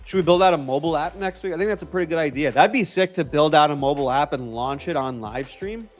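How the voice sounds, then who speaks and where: A man's voice: a little high, fast talker, faint music behind. A man from New York with a mixed New York and Boston accent, chatting casually as a livestream host, upbeat and prone to repeating himself while answering viewers. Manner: upbeat, repeats phrases, answers chat comments.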